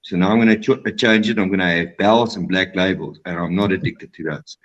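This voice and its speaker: A man's voice: sits low, brisk, a bit bright. A man, a participant in a recovery discussion, speaking bluntly and wryly over a dull lo-fi line. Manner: blunt, wry. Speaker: group participant. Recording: dull lo-fi sound.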